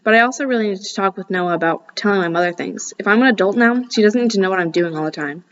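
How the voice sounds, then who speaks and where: Woman, audiobook reader, casual first-person narration, mid-pitched, dull lo-fi sound. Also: fast. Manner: casual, breaks off for asides.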